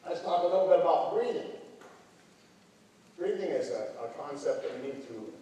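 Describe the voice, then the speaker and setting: A man's voice: on the high side, animated, moderate pace, mellow, slight background noise. Older man teaching in an echoey hall. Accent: American. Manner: folksy, joking, coaching a group. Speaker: band clinician. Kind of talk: workshop lesson with a volunteer. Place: large hall. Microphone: camera far from the speaker. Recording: echoey hall recorded from far off.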